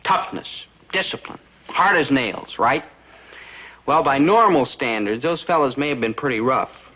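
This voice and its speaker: A man's voice: medium pitch, animated, measured pace, sharp tone. An actor playing a nervous young man about to enter the army, echoing alarmed questions and narrating wryly in a 1950s sitcom.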